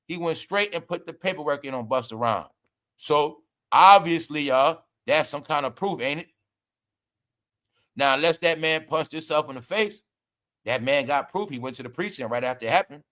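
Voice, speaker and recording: Animated man hosting gossip commentary. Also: a little high. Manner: animated, mocking, laughs often, addresses viewers as y'all. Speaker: commentary show host.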